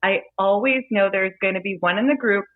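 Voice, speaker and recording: A woman's voice: medium pitch, brisk, no echo. Guest: playful female bartender, storytelling energy, thin phone-line sound, dry. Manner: lively, playful, laughs while telling stories. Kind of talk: casual storytelling interview.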